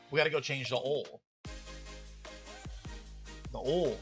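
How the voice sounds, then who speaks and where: A man's voice: medium pitch, slow pace, faint music behind. A man hosting a live card-break stream, chatting casually and arguing his opinions with lots of restarts. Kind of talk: casual livestream chat.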